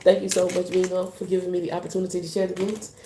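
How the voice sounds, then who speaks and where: A woman reading tarot cards live, talking in a loose, slangy, rambling flow. Her voice sits a little low and sounds warm and mellow. The sound carries a roomy echo. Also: monotone, quick pace, a little hiss or hum. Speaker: tarot reader.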